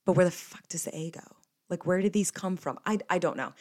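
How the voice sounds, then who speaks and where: A woman's voice: lowish voice, fairly quick, a little mellow. A young woman, hosting a podcast in a rambling, casual chat full of swearing. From New Jersey. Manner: chatty and rambling, with frequent swearing. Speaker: podcast host.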